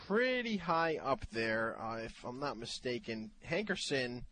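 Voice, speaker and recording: A man hosting a fantasy football call-in radio show, talking in animated, loud bursts of excitement. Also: medium pitch, a little slow.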